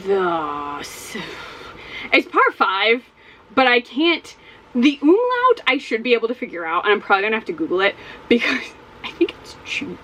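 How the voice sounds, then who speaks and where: A woman in a casual home vlog, talking with a bright, lively lilt that swings up and down as she rambles and exclaims. Her pitch sits a little high, and a faint background hiss runs under the recording. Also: normal speed, poor audio. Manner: chatty, rambling, exclaims and repeats herself. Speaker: book vlogger. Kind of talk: casual reading vlog chat. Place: home with dogs.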